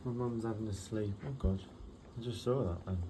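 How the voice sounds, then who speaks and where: A man's voice: lowish voice, moderate pace. Man soothing his dog amid rain noise. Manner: soothing, repeats himself. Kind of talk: casual vlog, talking to his dog. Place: indoors at home during a thunderstorm. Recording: noisy home recording with rain. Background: heavy rain.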